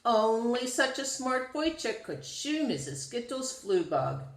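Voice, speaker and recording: A woman reading a children's storybook aloud in an expressive, sing-song storytelling manner. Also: fairly high pitch, unhurried. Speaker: storybook reader. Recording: roomy echo.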